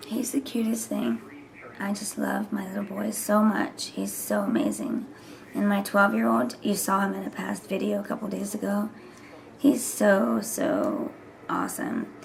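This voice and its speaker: A woman's voice: medium pitch, expressive, measured pace, vocal fry, slight background noise. A woman in her thirties chatting casually to camera as a vlogger, rambling and sometimes dropping into whispers. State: voice recovering from hoarseness. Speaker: vlogger and mother.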